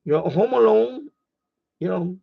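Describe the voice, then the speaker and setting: A man's voice: high-pitched, animated, slow pace, vocal fry, slightly rough, narrow, tinny audio. A man hosting a casual ham radio live stream, rambling and repeating himself as he gets heated.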